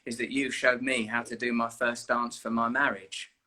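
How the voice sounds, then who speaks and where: A man talks casually to his livestream viewers from home, holding the phone himself. His voice is bright and forward, and he rambles in a loose, playful way that turns earnest. The sound is close and direct from the handheld phone. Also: medium pitch, little pitch movement, normal speed. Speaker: livestream host. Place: indoors at home. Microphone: phone held at arm's length.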